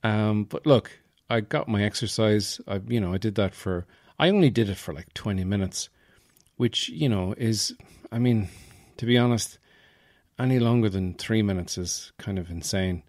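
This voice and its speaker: Low-voiced Irish man rambling wryly. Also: moderate pace, darkish tone, dry recording, studio quality. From Ireland, Offaly. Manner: rambling, wry, self-mocking. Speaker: podcast host. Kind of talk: casual comic monologue.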